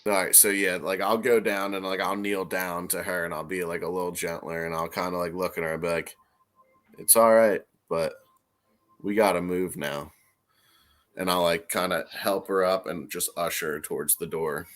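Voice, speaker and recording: A man's voice: deep voice, flat delivery, a little fast, few pauses, fairly bright tone. A man playing a tabletop game, describing his character's actions in a laid-back, plain-spoken way. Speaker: player.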